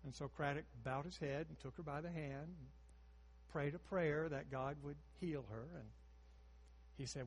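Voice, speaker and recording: An older male preacher with a husky voice that sits a little high and climbs and dips expressively. He shifts from hushed storytelling to emphatic, rising declarations. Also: normal speed, big-room sound. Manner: animated, swings between hushed storytelling and emphatic rises. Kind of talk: sermon.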